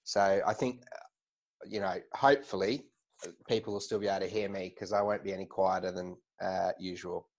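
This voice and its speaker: A man hosting a podcast chat, relaxed and joking as he asks questions. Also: deep voice, fairly quick. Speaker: podcast host.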